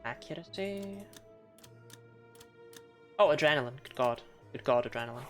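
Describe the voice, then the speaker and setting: A woman's voice: a bass voice, lively intonation, moderate pace, soft background music. A young woman casually commenting on a video game she is playing, chatty, swearing freely and laughing often. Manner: reads game text aloud.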